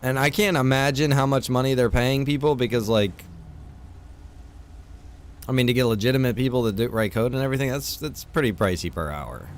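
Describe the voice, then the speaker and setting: Frustrated, this streamer and server owner vents to his viewers in a casual story laced with swearing. His mid-range voice moves a little fast, with some hiss or hum in the recording.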